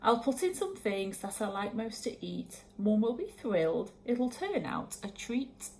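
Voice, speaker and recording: A woman voicing an eager, excitable little girl witch in a read-aloud storybook, speaking brightly. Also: medium pitch, measured pace, a little hiss or hum.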